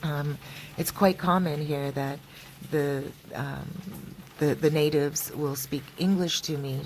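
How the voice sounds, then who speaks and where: A woman's voice: low voice, fairly even intonation, takes it slowly, darkish tone, a little hiss or hum, poor audio. A woman from Canada chatting casually in a street vlog, rambling with lots of fillers and restarts. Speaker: vlogger. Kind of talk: casual walking vlog chat. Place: outdoors on a street.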